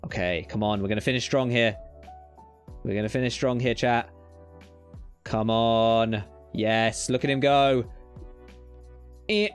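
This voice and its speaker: A British man streaming a game live. He cheers loudly at times, mutters under his breath at others, swears casually and talks to himself. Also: medium pitch, moderate pace, pauses often, soft background music. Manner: excitable, swings between loud cheering and muttered whispers. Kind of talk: live gameplay commentary.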